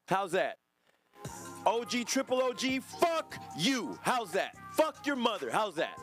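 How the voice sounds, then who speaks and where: A man's voice: sits high, sing-song, normal speed, over music. A man hosting a livestream podcast, ranting angrily at his chat in a profane, drawling, sing-song way. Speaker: podcast host.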